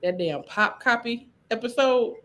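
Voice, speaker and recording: Woman podcast host, playful and slangy, high bright voice. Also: unhurried. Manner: playful, slangy, cackling laughs. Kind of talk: casual comedy podcast chat.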